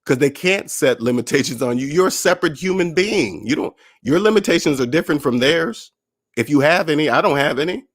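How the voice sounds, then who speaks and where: Animated man hosting a finance talk. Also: a little high, a little fast. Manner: animated, acts out others' voices in quotes. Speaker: personal finance channel host. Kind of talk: casual motivational monologue.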